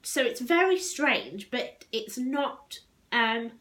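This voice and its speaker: A woman from England talking to camera in a reflective personal vlog, with many ums and restarts and a pace that speeds up and slows down. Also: a little high, animated, fairly bright tone. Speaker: vlogger.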